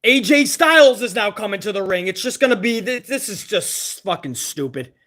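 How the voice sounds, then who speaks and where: A man hosting a live reaction stream, ranting with exasperated profanity over what he is watching. His voice is very high, and it sounds bright and forceful. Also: animated, moderate pace.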